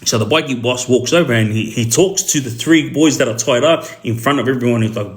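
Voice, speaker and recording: A man's voice: medium pitch, a little fast, hardly any pauses. Rambling Australian man telling a crime story. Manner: rambling, full of fillers and asides. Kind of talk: casual storytelling.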